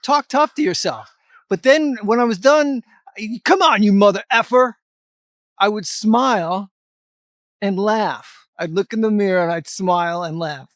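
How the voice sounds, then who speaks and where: A middle-aged man pitches his fitness advice straight at the viewer. He talks in a rather high voice, blunt and emphatic, with a bit of mild cursing. The room sounds dry, with no echo. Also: a little slow. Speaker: fitness vlogger. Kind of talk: motivational talk to camera.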